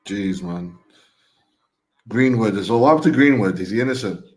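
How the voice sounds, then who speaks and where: A man's voice: lowish voice, expressive, normal speed, darkish tone. A man co-hosting a football fan stream, chatting in loose, slangy banter. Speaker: co-host of a fan watchalong stream. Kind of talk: casual chat.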